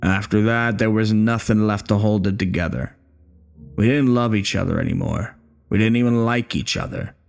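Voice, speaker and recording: A man plays a bitter old war veteran in a horror story, speaking in a low, gravelly voice at normal speed. His lines are coarse and profane, alternately taunting and menacing, with lively intonation and a cold mood.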